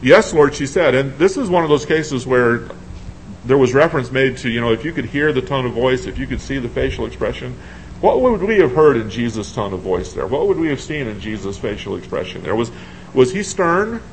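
A man's voice: medium pitch, lively intonation, brisk, slight background noise, low-quality recording. A man preaching a sermon in a conversational way, asking his congregation questions and thinking aloud as he reads scripture.

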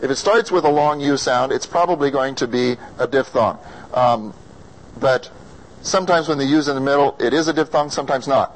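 A man's voice: mid-range voice, brisk, rough recording. A man with an American accent teaching a class about vowel sounds, patiently sounding out vowels and asking his students questions. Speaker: singing or diction teacher.

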